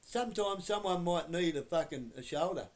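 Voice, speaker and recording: A man's voice: sits high, animated, moderate pace. Swearing man ranting. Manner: blunt, swearing heavily, flaring into shouting. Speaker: vlogger. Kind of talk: profane direct-to-camera rant.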